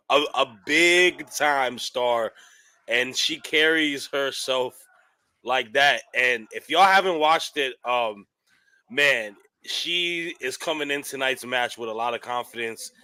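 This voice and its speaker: A man co-hosting a casual wrestling watchalong, excitable and joking, often tripping over his words. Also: medium pitch, slow pace, no room sound. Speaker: co-host.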